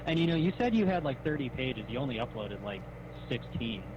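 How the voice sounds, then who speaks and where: A man's voice: medium pitch, very animated, fairly quick, muffled recording, noisy background. A man on a recorded call, patiently asking probing questions. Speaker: caller. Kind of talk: recorded phone-call conversation.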